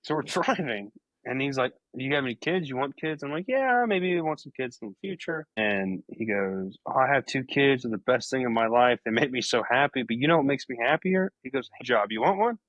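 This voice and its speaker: A young man, a paramedic, telling work stories in casual chat, deadpan and acting out the people he quotes. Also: mid-range voice, brisk, no room sound, muffled recording.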